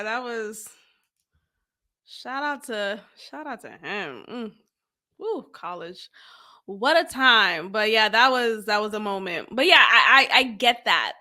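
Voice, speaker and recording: A woman podcast host gives casual commentary on an interview she is watching. Her voice sits high and bright and swings widely. She is animated and expressive and acts out the lines she quotes.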